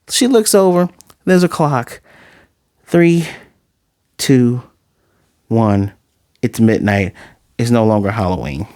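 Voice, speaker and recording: A man casually recapping and reviewing an anime episode, acting out character lines with dramatic, exasperated reactions. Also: medium pitch. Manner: animated, acts out character lines in quick snippets.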